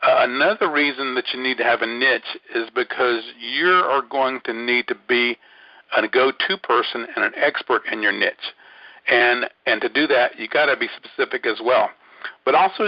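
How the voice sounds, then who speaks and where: A man hosts a casual online training session, rambling and restarting his sentences often. His voice sits at an ordinary middle pitch. It comes through a dull, lo-fi line with a dry, close sound. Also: dry recording. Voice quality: rambling, many fillers and restarts. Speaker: webinar host. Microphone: phone line.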